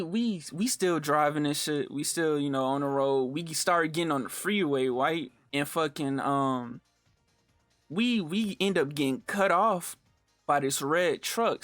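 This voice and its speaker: A young man telling a story in casual, animated street slang, full of fillers and swearing. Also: fairly high pitch, no echo. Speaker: storytime vlogger.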